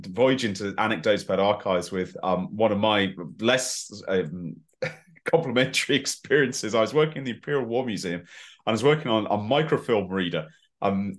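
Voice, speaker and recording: A man co-hosting a history podcast, telling a self-deprecating story in a casual, chatty way. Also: mid-range voice. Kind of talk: casual anecdotal chat.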